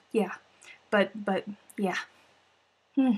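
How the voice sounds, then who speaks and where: A woman's voice: mid-range voice, a little mellow, husky. A woman hosting a casual crafting livestream, chatty and playful, often sighing and laughing between remarks. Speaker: livestream host.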